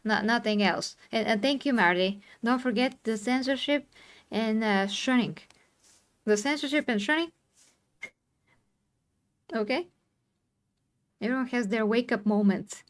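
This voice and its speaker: A woman streamer in a live discussion, earnest and insistent, explaining herself and quick to apologize. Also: fairly high pitch. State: tired from talking.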